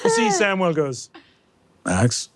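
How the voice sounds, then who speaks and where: A man narrating as game master of a tabletop game, giggling and halting between lines. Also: sits high, big pitch swings, slight background noise.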